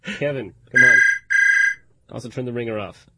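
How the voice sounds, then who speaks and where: A man co-hosting a radio comedy show, playing the deadpan straight man. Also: mid-range voice, moderate pace, very noisy. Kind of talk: casual comedic banter.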